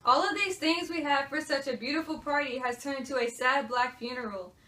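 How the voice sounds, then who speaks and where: A woman's voice: sits high, fairly quick, pushed and bright. A teenage girl playing a male priest in a school play, firm and consoling. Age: teens. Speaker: student actor. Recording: echoey room, from far off.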